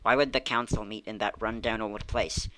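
A man reading aloud, voicing a sharp, scheming older woman in a children's mystery book. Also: fairly low pitch, fairly even intonation, moderate pace, poor audio. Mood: indignant. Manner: curt and defensive.

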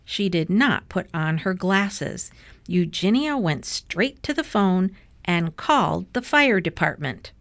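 A woman's voice: fairly low pitch, no room sound. A woman expressively reading a children's chapter book aloud. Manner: expressive, unhurried. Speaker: storybook reader.

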